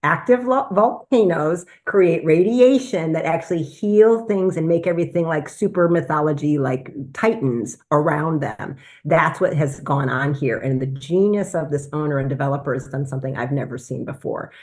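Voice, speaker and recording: A woman with a somewhat low-pitched voice, speaking as a physician at a business presentation, gives a personal testimonial. She recounts her experience with energy in an animated, conversational way, at a moderate pace with few pauses.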